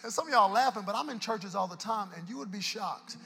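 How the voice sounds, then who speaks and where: High, lively preacher man over music. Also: quick pace, gravelly, long reverb tail. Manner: swings between hushed whispers and shouted, sung-out exhortation; acts out quoted people in comic voices. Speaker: guest preacher. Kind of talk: sermon. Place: church service with live congregation. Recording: music playing under the sermon.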